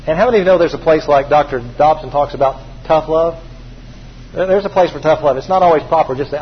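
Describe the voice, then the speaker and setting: A man preaching a sermon in a high voice, hammering his points with emphatic repetition. The recording sounds dull, with a faint hiss underneath. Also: fast. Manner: emphatic, repeats key phrases.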